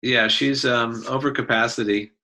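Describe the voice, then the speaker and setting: A man's voice: medium pitch, steady tone, moderate pace, pushed and bright, poor audio. A man playing a tabletop game, talking in an easygoing way with hesitant fillers. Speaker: player.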